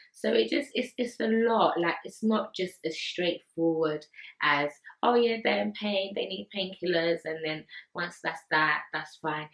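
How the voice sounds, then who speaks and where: A young woman from the UK talking earnestly and emotionally to camera, pausing often and repeating words. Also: low-pitched, fairly bright tone, rough recording. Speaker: vlogger. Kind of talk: personal talk to camera.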